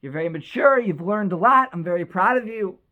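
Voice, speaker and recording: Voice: mid-range voice, animated, brisk, lo-fi sound, natural voice. A storyteller voicing a kindly older rabbi who speaks with fatherly pride. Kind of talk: storytelling, quoted dialogue.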